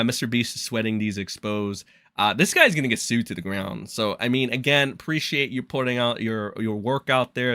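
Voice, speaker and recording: A man's voice: mid-range voice, bright, forceful tone, dry recording. A young man hosting a live stream, talking in a rambling, exasperated and profane way. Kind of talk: casual live-stream commentary.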